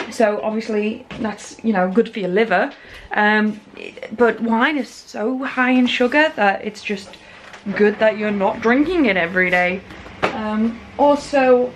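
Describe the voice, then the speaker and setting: A woman with a fairly high voice chats through a casual vlog. She rambles from one thought to the next and pokes fun at herself while nursing a migraine. Faint noise sits behind her voice. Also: rough recording. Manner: chatty, rambling, self-deprecating. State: suffering a migraine. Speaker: vlogger.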